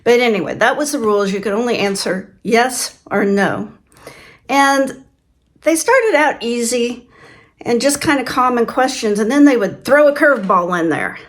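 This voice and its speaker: A woman's voice: on the high side, lively intonation, moderate pace. An older woman from Kansas, telling stories in a casual vlog, chatty and laughing often as she acts out quoted voices. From Kansas, USA. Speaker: channel host. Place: farm home.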